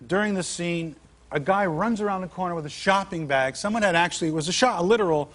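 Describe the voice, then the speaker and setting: A man appearing as a comedian guest on a late-night talk show tells funny anecdotes in a wisecracking way, slipping into mock voices. His voice is high-pitched, fast and fairly bright. A television studio mic picks him up in a TV studio, with the live audience audible in the background.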